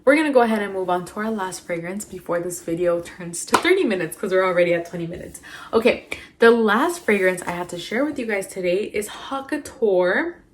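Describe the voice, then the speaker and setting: A woman's voice: medium pitch, animated, brisk, a little hiss or hum. A woman talking casually to camera as she reviews perfumes, chatty and rambling with lots of fillers. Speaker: beauty vlogger.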